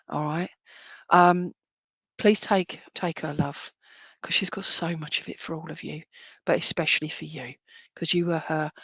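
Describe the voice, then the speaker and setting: A woman medium gives a live-streamed reading in a slightly low voice. She talks in a chatty, affectionate way, calling people "my lovely", and she often rambles and restarts. The sound is dry and close to the mic. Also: gravelly, fairly bright tone, no echo. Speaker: spiritualist medium.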